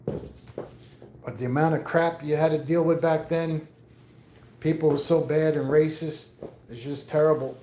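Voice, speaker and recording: A man's voice: fairly high pitch, steady tone, a little slow, long pauses, mellow, reverberant. A middle-aged man from New York with a mixed New York accent, chatting casually and rambling as he answers viewers on his livestream outdoors. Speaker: livestream host. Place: outdoors on a windy day.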